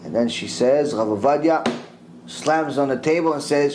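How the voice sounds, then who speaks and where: A middle-aged man, a rabbi, giving a Torah lecture and retelling a story with animated delivery, dropping Hebrew religious terms. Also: medium pitch, a little fast, noisy background.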